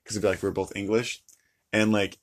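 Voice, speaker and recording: A man's voice: lowish voice, little pitch movement, brisk, a crowd in the background. A young man in casual, playful chat, rambling and laughing often.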